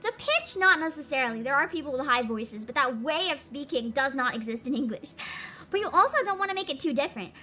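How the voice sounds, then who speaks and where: A woman's voice: sits high, expressive, fast talker, bright, forceful tone. A young woman streamer chatting casually and rambling with giggles, playful with her voice. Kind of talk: casual chat over a game stream.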